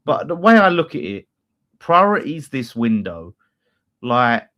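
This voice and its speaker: Male fan co-host, middle pitch, blunt and sweary. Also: big pitch swings, a little slow, fairly bright tone. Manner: blunt, opinionated, swears freely. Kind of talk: casual football chat.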